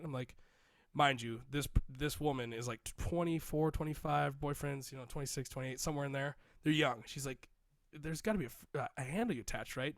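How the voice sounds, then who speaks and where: A man's voice: mid-range voice, fairly quick, no echo. Male podcast co-host, thirties, rambling storyteller who acts out quotes, dry close sound. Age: 30s. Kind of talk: casual storytelling.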